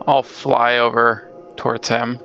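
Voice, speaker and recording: A man's voice: mid-range voice, level tone, unhurried, creaky, pushed and bright, dull audio, a little hiss or hum. A man playing a tabletop game, curious and questioning. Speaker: player. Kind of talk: casual tabletop play.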